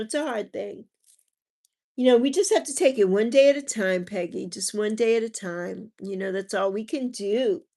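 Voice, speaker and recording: A middle-aged woman hosting a casual livestream, gently consoling viewers about grief while reading their comments, her voice sometimes breaking with tears. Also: on the high side.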